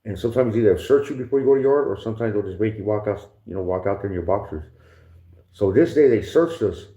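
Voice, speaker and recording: A man's voice: on the low side, animated, fast, dark tone. A man casually telling stories with heavy slang and profanity, often laughing and mimicking others. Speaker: podcast guest telling prison stories. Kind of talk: casual storytelling. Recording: echoey room, dull lo-fi sound.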